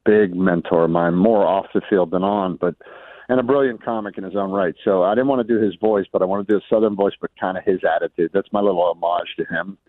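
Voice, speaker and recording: A man guesting on a radio show, chatting in an animated way, laughing and saying "dude" often. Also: low voice, fast talker, dry recording. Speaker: radio guest, comic actor. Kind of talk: casual radio interview. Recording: phone-line guest audio.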